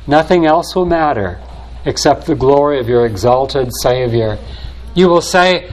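Slow, deliberate male preacher. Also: medium pitch, lively intonation, rough recording. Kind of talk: sermon.

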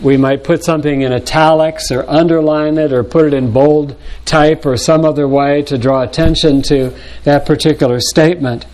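An older man, a pastor, delivering a measured sermon to his congregation and pausing now and then to clear his throat. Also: on the high side, a little mellow.

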